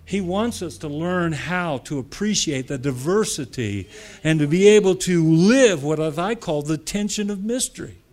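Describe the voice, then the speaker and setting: An American man preaching to church leaders in a fairly high voice. He talks in a conversational way, repeats phrases for emphasis, and rises to loud, emphatic declarations. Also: expressive, normal speed, few pauses. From United States. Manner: repetitive, conversational asides.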